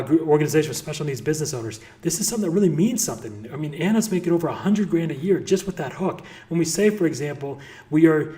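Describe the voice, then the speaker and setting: A man's voice: on the high side, a little mellow. A man coaching on business in a casual motivational talk, effusive and blunt, and he swears freely. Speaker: real estate business coach.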